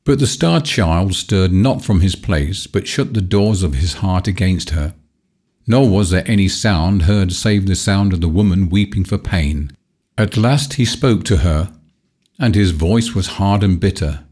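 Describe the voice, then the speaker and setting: A man narrating a fairy-tale audiobook in measured, old-fashioned storytelling. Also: sits low, darkish tone.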